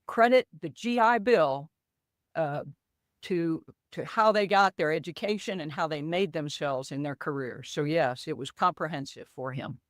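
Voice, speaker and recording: A woman's voice: sits low, moderate pace, no room sound, studio quality. An older woman, a podcast guest who tells stories animatedly and acts out quoted dialogue. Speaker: co-author guest. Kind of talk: conversational podcast interview.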